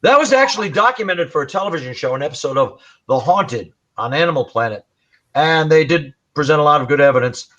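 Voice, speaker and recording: Animated storytelling man, lo-fi. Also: a little high, fast talker. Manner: animated storyteller, imitates growls. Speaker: paranormal investigator guest. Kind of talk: storytelling on a live stream. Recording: muffled lo-fi stream audio.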